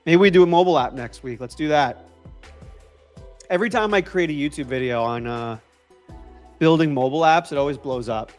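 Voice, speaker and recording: A man with a mixed New York and Boston accent hosts a casual coding livestream, his voice sitting a little high. He sounds upbeat and loose, repeating phrases and answering viewers. Faint lo-fi music plays behind him. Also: fairly quick, pauses often, darkish tone. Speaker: livestream host.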